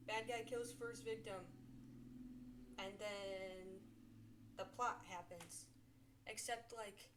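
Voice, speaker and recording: Woman, casual reviewer, slow rambling delivery, slightly distant mic. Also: on the high side, fairly bright tone. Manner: rambling, many fillers, exasperated asides.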